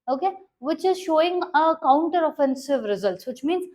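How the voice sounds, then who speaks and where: High-voiced woman teaching current affairs. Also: lively intonation, normal speed, a little mellow, poor audio. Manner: repeats checks like "understanding?" and "okay", stresses key words. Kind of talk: explanatory lecture on current affairs.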